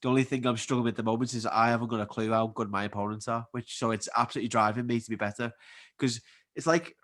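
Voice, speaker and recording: A man in his twenties with a Scouse accent, chatting casually as a podcast guest and telling animated stories. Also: mid-range voice. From Liverpool, England. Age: 20s. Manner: animated storyteller, quick and chatty. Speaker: guest athlete. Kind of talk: casual chat.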